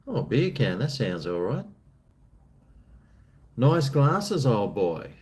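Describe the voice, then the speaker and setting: A man's voice: medium pitch, very animated, takes it slowly, a little mellow. An Australian man chatting casually on a live stream, answering chat in a laid-back, rambling, jokey way.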